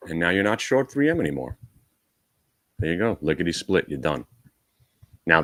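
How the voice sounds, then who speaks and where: Male trading-room host, very low pitch, dry close sound, brisk coaching manner. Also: sing-song, a bit bright, dry recording. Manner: brisk and coaching, talks to viewers directly; wry asides. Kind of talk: live trading room commentary.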